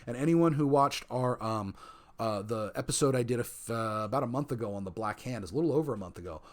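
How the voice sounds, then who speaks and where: A man talks live to his stream chat in a mid-pitched, everyday voice. He rambles, stumbles through restarts, and keeps repeating his main points for emphasis. He reads viewers' messages aloud as he goes. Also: fast talker. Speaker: streamer and storyteller of a role-play server. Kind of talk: casual livestream chat.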